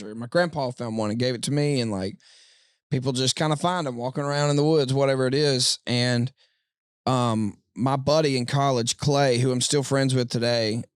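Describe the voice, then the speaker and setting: A man's voice: medium pitch, dry recording, clean studio sound. A man from Mississippi, a podcast guest telling a long story in a loose, rambling way full of fillers, recorded inside a tour bus. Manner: rambling, lots of "like" and "dude". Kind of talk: casual storytelling.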